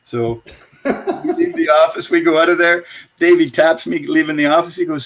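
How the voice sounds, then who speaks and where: An older man with a somewhat high voice tells rambling hockey stories as a podcast guest. He chuckles between anecdotes and wanders through the details in a loose, casual way. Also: very animated, moderate pace, a bit bright, slight background noise. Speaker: guest, former pro hockey player and coach. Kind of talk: casual storytelling.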